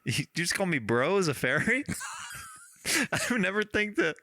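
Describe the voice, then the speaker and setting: Bright-voiced giggly male podcast host. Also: sits high, sing-song, no echo, studio quality. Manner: laughs often, halting with fillers. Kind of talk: casual chat.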